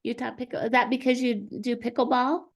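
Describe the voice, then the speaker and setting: A woman's voice: a little high, flat delivery, fairly quick, vocal fry. A woman co-hosting a video call, making light, teasing asides. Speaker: co-host. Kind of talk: casual chat on a video call.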